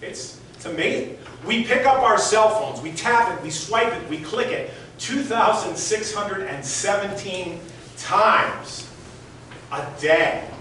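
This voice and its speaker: A man's voice: high voice, lively intonation, slow pace, sharp tone, a little hiss or hum. A man in his sixties giving a storytelling talk on stage, speaking conversationally and directly to the audience while demonstrating with his hands. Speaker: motivational speaker. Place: large hall with audience. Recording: echoey hall from far off.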